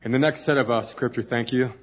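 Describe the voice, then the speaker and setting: A man's voice: medium pitch, fairly even intonation, quick pace. A man preaching a conversational sermon, folksy and full of asides, in a church. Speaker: pastor. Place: church sanctuary. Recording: long hall reverb.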